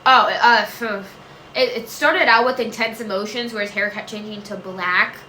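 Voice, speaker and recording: Casting note: bright, chatty woman vlogger, rambles and trails off, recorded at home in a roomy space with a faint hiss. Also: mid-range voice, normal speed. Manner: rambling and self-interrupting, many fillers and trailing "I don't know". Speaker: vlogger answering viewer questions. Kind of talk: casual chat. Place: home room. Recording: echoey room with faint noise.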